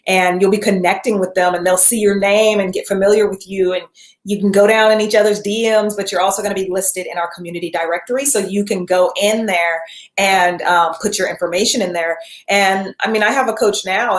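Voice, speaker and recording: Woman coach, casual and rambling, live stream, roomy echo. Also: medium pitch. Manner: chatty and rambling, reads viewer names, acts out quick voices. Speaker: self-care and business coach.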